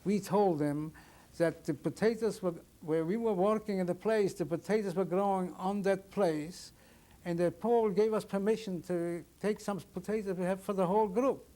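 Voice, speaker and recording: Older man survivor in oral history testimony, somewhat high voice, halting, plain storytelling. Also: dark tone. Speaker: Holocaust survivor interviewee.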